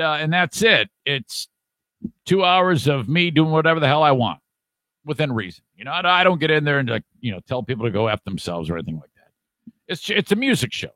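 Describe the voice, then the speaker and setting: A man's voice: medium pitch, bright, forceful tone, no echo. A man hosting a podcast, talking in a rambling, profane and jokey way. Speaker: podcast host. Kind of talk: casual podcast chat.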